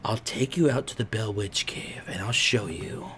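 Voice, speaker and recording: A man's voice: on the low side, moderate pace, fairly bright tone, a little hiss or hum, pitched below the performer's own voice. A man putting on a creepy old whispering man. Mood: creepy hush. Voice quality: breathy near-whisper.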